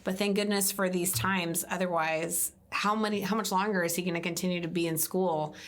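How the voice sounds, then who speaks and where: A woman's voice: on the low side, fairly even intonation, brisk. A woman hosting a podcast interview, asking questions and affirming her guest encouragingly. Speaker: podcast host.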